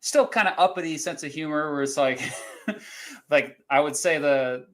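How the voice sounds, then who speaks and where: A man's voice: a little high, normal speed, a bit bright, low-quality recording. A man hosting a casual talk show quiz, rambling with many fillers and chuckles. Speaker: podcast host running a quiz. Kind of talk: casual chat.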